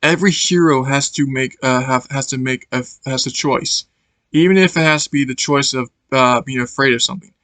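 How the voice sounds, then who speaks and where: A man's voice: mid-range voice, fairly quick, fairly bright tone, dry recording. A man casually reviewing a movie for his channel, rambling and searching for words as he laughs along.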